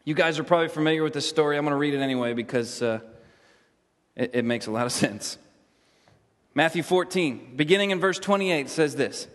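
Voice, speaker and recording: A man leading an interactive Bible lesson in a church, animated and jokey, often asking the group questions. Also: a little high, fairly quick, long reverb tail. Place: church hall.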